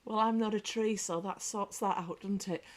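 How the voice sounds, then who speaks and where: A British woman hosts a relaxed livestream, chatting, joking around and reading out viewers' comments. Her voice is medium in pitch and moves at a normal speed, and she tells lively stories full of anecdotes.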